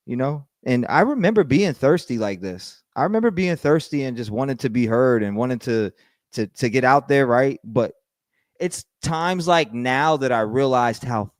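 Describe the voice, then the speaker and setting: Man hosting a livestream, profane and animated, dry close sound. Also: mid-range voice, moderate pace, no echo. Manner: profane, animated, mocks with put-on quotes. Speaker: livestream host. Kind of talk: casual livestream commentary.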